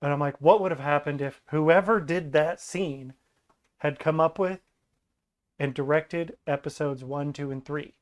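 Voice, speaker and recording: Brief: male podcast guest, higher-pitched, animated casual chat, mocking impressions. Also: a little slow. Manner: animated, acts out quoted lines in mocking voices.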